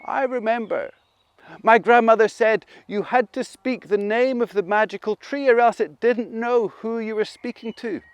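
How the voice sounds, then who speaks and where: A man's voice: very high-pitched, moderate pace, smooth, no room sound, pitched above the performer's own voice. A man voicing a small, eager rabbit in a children's story. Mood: remembering. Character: helpful little rabbit who recalls grandmother.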